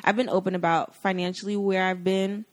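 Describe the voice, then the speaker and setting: A woman's voice: medium pitch, a little fast. A woman guest on a podcast, chatting casually, candid and profane, telling stories with lots of energy. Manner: candid and profane, animated storytelling. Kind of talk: casual chat.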